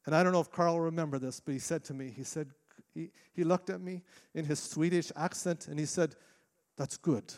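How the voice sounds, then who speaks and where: A middle-aged man, a lead pastor, preaching a sermon in a church with earnest delivery, restarting phrases and shifting between quick and slow phrasing. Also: a little high, steady tone, a little mellow. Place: church sanctuary.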